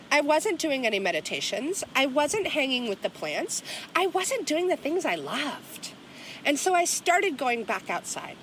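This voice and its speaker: A woman's voice: high-pitched, a bit bright, a little hiss or hum. A woman in her forties hosting a personal podcast outdoors by a river, talking in an earnest, heartfelt way and often checking in with "right?". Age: 40s. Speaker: podcast host, herbalist. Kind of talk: personal reflective podcast talk.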